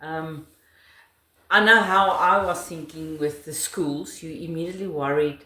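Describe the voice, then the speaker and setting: A woman's voice: low voice, fairly even intonation, a little slow, sharp tone. Woman, middle-aged, Afrikaans accent, South African, emphatic, laughing, interview, echoey room. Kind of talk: casual interview.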